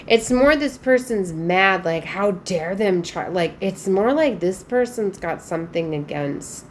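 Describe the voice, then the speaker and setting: A woman's voice: medium pitch, expressive, unhurried, a little hiss or hum. A woman giving a casual spiritual tarot reading, chatty and emphatic, with frequent fillers. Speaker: tarot reader.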